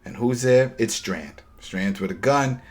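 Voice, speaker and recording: A man co-hosting a podcast, retelling a TV episode in casual chat with lively storytelling and dry, sarcastic asides. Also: mid-range voice, a little slow, a little hiss or hum. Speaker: podcast co-host.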